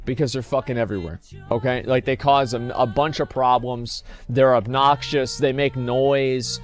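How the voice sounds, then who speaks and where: A man's voice: medium pitch, steady tone, normal speed, soft background music. A man telling a long story casually to his stream audience, rambling and swearing freely. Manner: rambling, profane, restarts and fillers.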